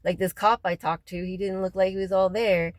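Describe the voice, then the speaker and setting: A woman, crying as she vents in a raw, profane personal rant, her voice often sinking low and quiet. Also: steady tone, fairly quick, no echo, rough recording. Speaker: local resident venting after a city meeting. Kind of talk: emotional personal vlog rant.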